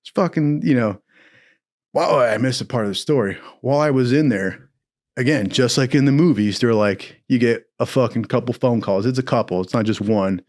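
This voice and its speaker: A man's voice: mid-range voice, normal speed. A young man from Southern California tells a wild story from his own life in loose, casual speech. He swears constantly and throws himself into the quotes, putting on the voices of everyone involved. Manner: profane, animated, acts out quotes in other voices.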